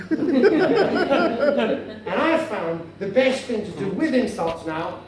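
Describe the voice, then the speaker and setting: A man doing stand-up as a bumbling, pompous character who turns quickly indignant, recorded on stage at a comedy club. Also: sits high, very animated, crowd noise. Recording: very echoey room from far off, noisy.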